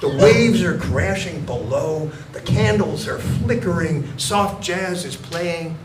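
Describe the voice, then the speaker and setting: An older man doing stand-up comedy in a mock-innocent, deadpan storytelling manner on a club stage with a handheld mic. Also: fairly high pitch, slow pace, a crowd in the background. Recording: echoey club with audience noise.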